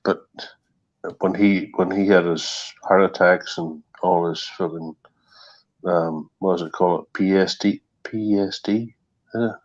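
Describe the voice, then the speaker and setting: This stream co-host, a middle-aged Northern Irish man, speaks in a low, steady voice at a measured pace. His online-call chatter is casual, rambling, and profane, thick with ums and false starts, and comes through as dull, lo-fi audio.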